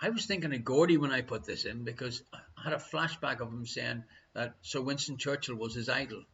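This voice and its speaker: Bright-voiced Irish quiz host. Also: male voice, mid-range voice. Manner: chatty, teasing, reads questions slowly twice. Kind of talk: live online quiz hosting. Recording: dull lo-fi stream audio.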